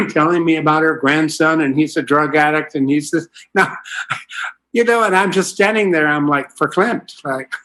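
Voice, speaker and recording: A man's voice: a little high, measured pace, bright, forceful tone. An older man from Southern California giving a folksy, rambling personal talk at a recovery meeting, full of fillers and asides.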